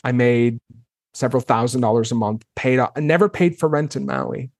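A man in his thirties tells his story as a podcast guest, his voice sitting at an ordinary middle pitch. He talks casually and with animation, acting out his own past reactions as he goes. The recording is close and dry, with no room sound. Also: a little fast, a little mellow, dry recording.

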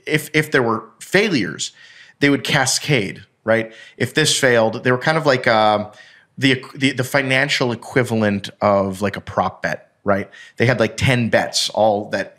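A man's voice: mid-range voice, normal speed, fairly bright tone. A man in casual podcast chat, explaining a finance story at length with restarts and the odd swear word.

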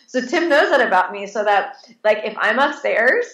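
A woman's voice: fairly high pitch, moderate pace. Chatty woman in an echoey room. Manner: animated, many restarts and fillers, acts out her own reactions. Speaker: interview guest. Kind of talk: casual conversational storytelling.

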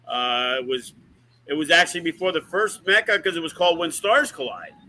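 A man's voice: a little high, lively intonation, a little fast, bright, forceful tone, rough recording. A man who is a wrestling promoter, telling rambling, profane stories in a casual podcast chat. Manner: profane, rambling, uses lots of fillers.

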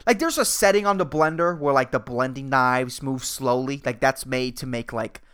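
Speaking at medium pitch and normal speed, this young man from Puerto Rico has a smooth, fairly bright voice. On his solo podcast he rants in anger, with a lot of profanity.

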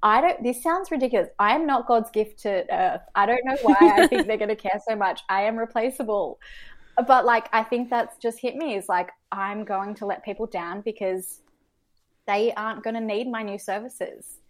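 A woman's voice: on the high side, normal speed. A woman talking candidly as a podcast guest, hesitant, with many fillers and restarts. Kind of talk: candid conversational reflection.

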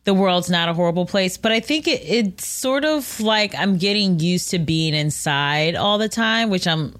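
A woman's voice: fairly low pitch, animated, moderate pace, fairly bright tone. A woman, a podcast guest, chatting playfully with lots of fillers. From United States. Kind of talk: casual podcast chat.

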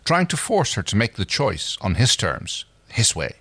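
A man's voice: fairly low pitch, wildly swooping pitch, moderate pace, fairly bright tone, breathy edge, dry recording. A man co-hosting a story reading, reading aloud with laughing asides. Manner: laughs easily, apologetic slips.

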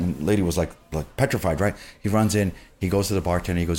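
A man in hospitality telling stories in a casual chat, acting out the people he quotes with lively energy. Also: low-pitched, brisk. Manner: animated, acts out quoted people. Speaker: bar and restaurant group manager. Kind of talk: casual conversational storytelling.

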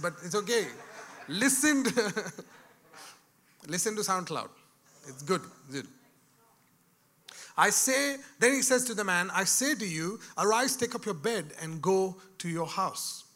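A man preaching a sermon, dropping to a hush and rising to shouts, calling out to his listeners. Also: sits high. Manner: swings from hushed to shouted, calls out to the crowd.

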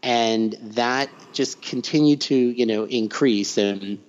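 Middle-aged male guest, mid-range voice, lively anecdotal delivery with acted-out quotes, dull lo-fi audio. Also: medium pitch, slow pace. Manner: animated storyteller acting out quoted voices. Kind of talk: conversational interview. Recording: dull, slightly lo-fi recording.

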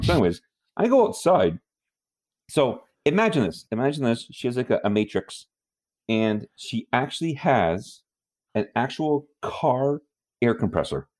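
A man from Canada tells a story on a casual podcast, his voice on the low side but swinging widely in pitch. He sounds exasperated and animated, laughing as he goes. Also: normal speed. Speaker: podcast co-host. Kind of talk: casual chat.

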